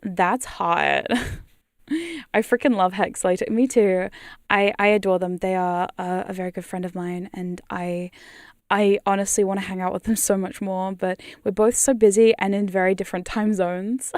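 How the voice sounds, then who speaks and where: A woman's voice: medium pitch, fairly even intonation, normal speed, darkish tone, no room sound, studio quality. A woman ASMR streamer chatting casually on a live stream, giggly and rambling with casual swearing.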